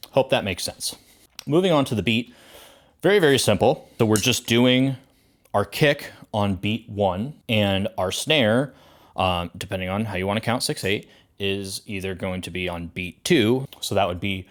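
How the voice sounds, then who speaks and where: A man with a deep, low voice explains rock grooves in a relaxed drum lesson. He talks casually and chats as he goes. He counts beats out loud and sounds out the drum hits. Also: measured pace. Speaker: drum teacher.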